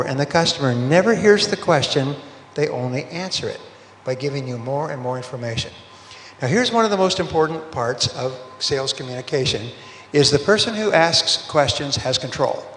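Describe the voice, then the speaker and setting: A man with a slightly raised pitch delivers a sales seminar talk, moving through anecdotes and quick snippets of acted-out dialogue. His voice rings through a large hall with a long reverb tail, and faint ambience sits underneath. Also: fairly bright tone, a little hiss or hum. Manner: storytelling, acts out dialogue with quoted voices. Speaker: sales speaker.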